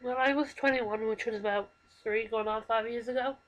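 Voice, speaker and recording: Earnest young woman, slightly high voice. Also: steady tone, highs cut off. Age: 20s. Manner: halting, earnest, emotional. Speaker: vlogger. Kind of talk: confessional personal talk to camera. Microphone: computer microphone.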